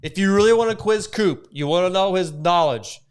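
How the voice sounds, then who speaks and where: Joking podcast host, a man with a higher voice. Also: moderate pace, clear, resonant tone. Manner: joking, hypes and plugs merch and sponsors. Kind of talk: casual motorsport podcast chat.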